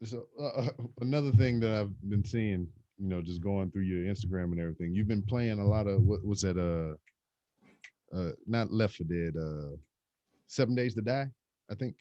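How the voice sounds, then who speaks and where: A man's voice: on the low side, normal speed, mellow, no room sound, dull audio. A man hosting a casual online talk show, laid back, laughing often as he asks questions. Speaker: podcast host. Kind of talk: casual interview chat. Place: remote call.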